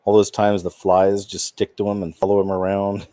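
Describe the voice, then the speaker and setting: Low-voiced man ranting indignantly. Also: completely flat delivery, normal speed, dark tone, dry recording. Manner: rambling, indignant, with trailing restarts. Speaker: channel host. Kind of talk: casual commentary monologue.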